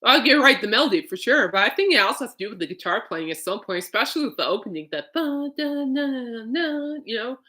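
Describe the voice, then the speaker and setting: Woman, podcast host, casual chat, rambling, bright voice. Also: medium pitch, lively intonation, rapid-fire, hardly any pauses. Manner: chatty and rambling, laughs often.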